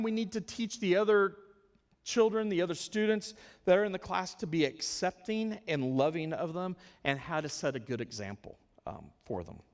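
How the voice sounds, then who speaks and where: A man giving a volunteer training talk for a church special needs ministry, earnest and often repeating words as he thinks. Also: fairly high pitch. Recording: long hall reverb.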